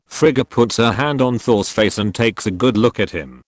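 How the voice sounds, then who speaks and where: A man's voice: on the low side, normal speed, no echo, clean studio sound. A man reading a movie retelling aloud in a plain manner, announcing each speaker before their lines.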